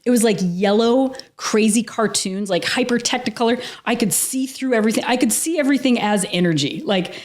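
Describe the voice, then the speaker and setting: Animated woman telling a vivid story. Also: a little high, brisk, few pauses. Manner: animated, vivid storytelling with frequent laughs and casual swearing. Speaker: podcast guest. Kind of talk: telling a personal story in a casual interview.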